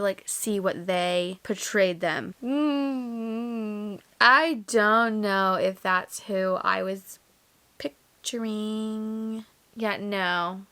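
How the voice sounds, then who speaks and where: A woman's voice: mid-range voice, a bit bright. Chatty young woman vlogging her reading. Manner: chatty, gushing, lots of "like". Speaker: book vlogger. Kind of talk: casual reading vlog chat.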